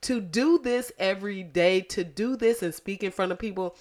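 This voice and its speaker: A woman with a lisp hosting a podcast, talking in an animated, blunt and profane way straight to her listeners. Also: mid-range voice, normal speed. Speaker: podcast host. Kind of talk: casual podcast commentary.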